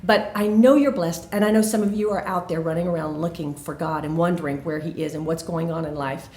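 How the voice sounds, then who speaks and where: A woman's voice: low-pitched, steady tone, a little fast, a little mellow, slight background noise. A woman telling a personal faith testimony in an earnest, emphatic way, recorded in an echoey room. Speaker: faith video host.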